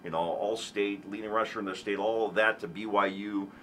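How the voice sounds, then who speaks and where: A man's voice: fairly low pitch, fairly even intonation, brisk, a bit bright, a little hiss or hum. A man in his forties, an earnest guest on a talk show, explaining his recovery in a conversational way, with many restarts and emphatic bursts.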